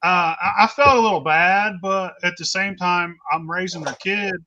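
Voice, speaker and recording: A man's voice: high-pitched, moderate pace, pushed and bright, a little hiss or hum. A man telling a long personal story in casual, blunt, heavily cursing talk, with rambling restarts. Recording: dull lo-fi recording.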